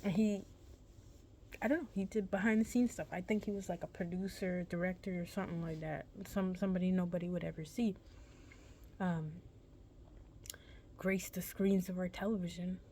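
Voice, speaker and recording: A woman's voice: on the low side, steady tone, moderate pace, long pauses, dark tone, a little hiss or hum. A young woman vlogger casually telling a personal story, rambling and correcting herself in a laid-back, chatty way.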